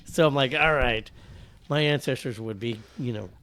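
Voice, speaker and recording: A man's voice: medium pitch, moderate pace, a bit bright. Joking, rambling male podcast host. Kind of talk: casual podcast chat.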